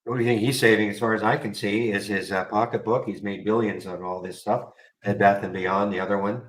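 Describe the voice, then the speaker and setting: A man's voice: lowish voice, steady tone, a little fast, fairly bright tone, poor audio. Wry man hosting trading stream. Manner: rambling, wry, talks to chat viewers. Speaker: trading room host. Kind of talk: live market commentary.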